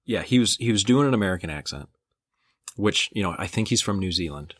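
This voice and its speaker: A man's voice: low-pitched, lively intonation, a little fast, fairly bright tone, no echo, studio quality. A young man from Michigan co-hosting a podcast, telling rambling stories with enthusiasm in casual chat. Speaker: podcast co-host. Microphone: podcast microphone.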